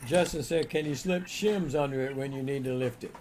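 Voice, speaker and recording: A man's voice: mid-range voice, a little fast, darkish tone, a little hiss or hum. A man co-hosting a live stream, reading viewer comments aloud and cracking jokes. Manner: wisecracking, reads out viewer comments. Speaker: co-host reading the chat. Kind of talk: casual live-stream chat.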